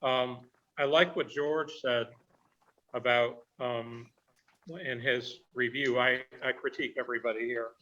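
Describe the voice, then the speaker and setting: A man's voice: medium pitch, fairly even intonation, unhurried, sharp tone, lo-fi sound. A man giving a grammar report at an online meeting, explaining word usage with examples over a video call.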